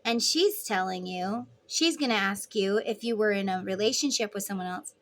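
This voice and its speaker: A woman's voice: medium pitch, normal speed, few pauses, a bit bright. A woman giving a rambling, chatty tarot reading who acts out imagined lines for the people in it. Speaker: tarot reader. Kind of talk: casual tarot reading monologue.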